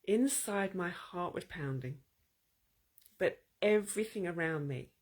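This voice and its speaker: A woman hosting her own show, telling a story and reflecting in a calm, measured monologue. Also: on the low side. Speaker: podcast host.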